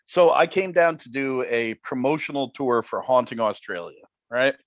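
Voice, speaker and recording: A man guesting on a podcast interview, telling stories in an animated, jokey way. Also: medium pitch, normal speed, no echo, highs cut off. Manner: animated, jokey storyteller who acts out quotes. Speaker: interview guest, paranormal TV personality. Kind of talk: casual interview storytelling.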